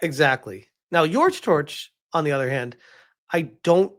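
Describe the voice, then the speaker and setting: Exasperated host with lively, swinging pitch. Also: measured pace. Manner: exasperated, sarcastic, reads posts aloud. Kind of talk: casual commentary on online drama.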